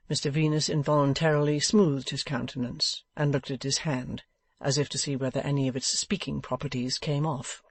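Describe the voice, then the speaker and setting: A man narrating a classic novel as an audiobook in a measured, even storytelling manner. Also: medium pitch, no room sound.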